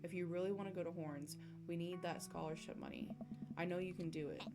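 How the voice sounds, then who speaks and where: A woman's voice: fairly low pitch, fairly quick, gravelly. A young woman streaming a dating game, reading its dialogue aloud in voices and reacting between lines. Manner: animated, giggly, voices the game characters. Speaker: streamer playing a dating sim. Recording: music playing behind.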